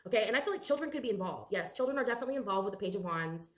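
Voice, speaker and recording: A woman's voice: medium pitch, expressive, very fast, roomy sound. A woman giving a casual tarot reading, chatty and emotional, talking straight to her viewers and swearing now and then. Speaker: tarot reader.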